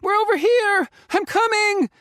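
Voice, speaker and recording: A man voicing a terrified young woman who shouts in hysterics. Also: very high voice, a little slow, no echo, studio quality, pitched above the performer's own voice. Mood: frantic. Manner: shrieking, hysterical.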